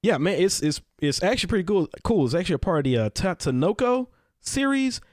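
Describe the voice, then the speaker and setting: Man co-hosting a podcast, lively swooping pitch, dry close mic, rambling with fillers. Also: fast, no room sound. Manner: animated, trails off with fillers. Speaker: podcast co-host. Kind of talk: casual chat.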